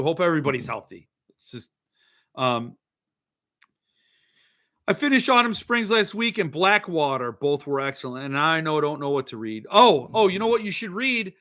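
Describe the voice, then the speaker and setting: Middle-aged guy rambling on his live show, kinda high voice, really bright. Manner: rambling, joking, reads comments aloud. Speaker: podcast host. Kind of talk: casual livestream chat.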